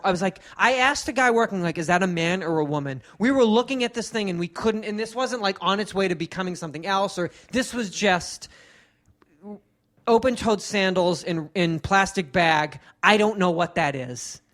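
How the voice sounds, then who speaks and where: A man's voice: high-pitched, moderate pace, a bit bright. A man in his thirties, a podcast co-host rambling through a funny story and doing the voices of the people he quotes. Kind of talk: casual storytelling chat.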